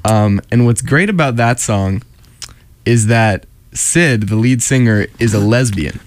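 A man's voice: medium pitch, unhurried. Laid-back young man hosting college radio. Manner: relaxed, joking, giggly. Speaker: radio show host. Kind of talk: late-night college radio chat. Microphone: studio microphone.

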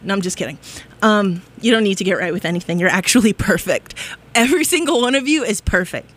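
A woman's voice: mid-range voice, lively intonation, fast talker, fairly bright tone. A woman hosting a college radio show, giddy and exuberant, laughing often and whooping in a studio. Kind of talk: bubbly radio chat.

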